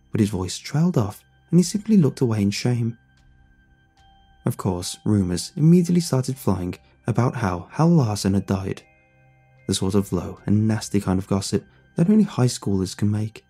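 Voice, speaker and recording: Man, scripted horror narration, low pitch, husky, lively intonation, faint background music. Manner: measured, reflective storytelling.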